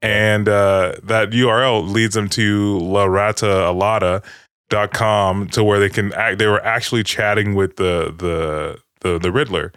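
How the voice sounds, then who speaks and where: A man's voice: fairly low pitch, fairly even intonation, a little slow, fairly bright tone, clear, resonant tone, dry recording, clean studio sound. A man casually recapping a movie with friends, rambling, swearing and acting out lines.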